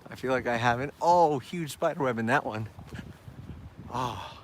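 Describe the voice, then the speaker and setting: An upbeat man chatting casually to his viewers while he walks outdoors. His voice sits at an ordinary middle pitch. He is climbing hillside steps as he talks, and the talk keeps moving. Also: normal speed, a little hiss or hum. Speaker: travel vlogger hosting a live stream. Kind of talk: casual live-stream chat while walking.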